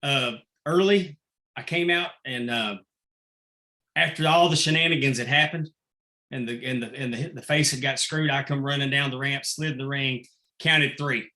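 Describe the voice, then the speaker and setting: Man, referee guest, forceful bright tone, animated yarn-spinner. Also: medium pitch, moderate pace. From Texas. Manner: animated anecdotal storyteller, acts out quotes. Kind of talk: casual storytelling interview.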